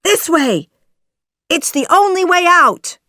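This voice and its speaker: A small, loyal cricket, voiced by a woman, calling out with urgency in a children's storybook. The voice sits high and lifts sharply on each call. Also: very animated, drawn-out words, no room sound, clean studio sound, heavily acted. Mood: urgent.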